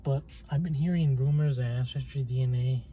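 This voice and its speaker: A man muses aloud in a loose, meandering monologue, his voice deep-toned and very mellow. He stops and restarts often, leaning on fillers as he gathers his thoughts. A faint drone of passing planes and traffic sits under the recording. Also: steady tone, a little fast. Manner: hesitant, many restarts and fillers. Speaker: channel host. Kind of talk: casual rambling monologue. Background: faint plane and traffic noise.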